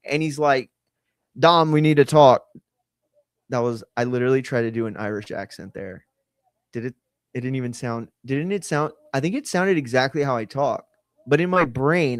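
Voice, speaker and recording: A man's voice: mid-range voice, dry recording. A man hosting a live watch-along, talking casually in a rambling way and often correcting himself mid-sentence. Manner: rambling, self-correcting, conversational. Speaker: host.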